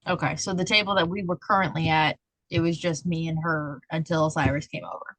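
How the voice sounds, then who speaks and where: Woman, player, low voice, careful, checking details, dry sound. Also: fairly even intonation, a little fast, fairly bright tone, no echo, rough recording. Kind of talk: asking the game master questions.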